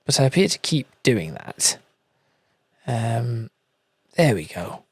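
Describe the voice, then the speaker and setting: A man giving calm, chatty gameplay commentary with dry asides while driving a truck in a game. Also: medium pitch, slow, breathy edge, no room sound. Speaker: gaming channel host. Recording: loud truck engine and road noise.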